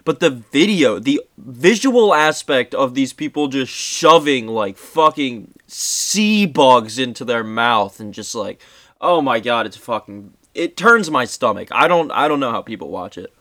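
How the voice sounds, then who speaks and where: A young man co-hosts a podcast, trading deadpan jokes and swearing in casual banter. His voice is recorded dry and close. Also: mid-range voice, measured pace, no room sound. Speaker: podcast co-host.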